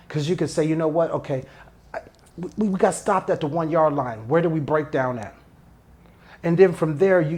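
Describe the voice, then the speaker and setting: A man's voice: on the high side, darkish tone. A man talking through a solo podcast in a loose, repetitive style. He drifts off on tangents and circles back, punching key phrases by saying them again and again. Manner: repetitive, emphatic, digressive street-casual talk. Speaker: podcast host. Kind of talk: solo motivational podcast monologue.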